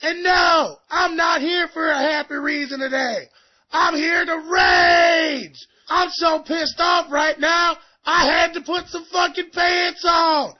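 A man voicing a loud, furious overweight gamer who calls himself a reverend, in a profane comic rant. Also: very high-pitched, fairly even intonation, slow pace, a faint crowd. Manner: ranting, profane, comic outrage. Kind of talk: comedic rant sketch. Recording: muffled lo-fi podcast recording.

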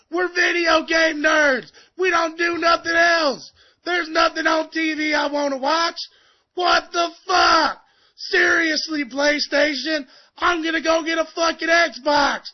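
A shrieking, furious gamer reverend. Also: male voice, very high-pitched. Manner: ranting, profane, comic outrage. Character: loud furious overweight gamer man calling himself a reverend. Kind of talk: comedic rant sketch. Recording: muffled lo-fi podcast recording.

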